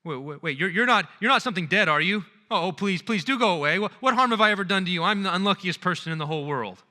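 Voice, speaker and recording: A man's voice: mid-range voice, expressive, fast talker, bright, forceful tone, clean tone, long reverb tail. A man reading aloud in a lecture, voicing a frightened orphan boy who stammers and pleads in a rush. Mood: terrified.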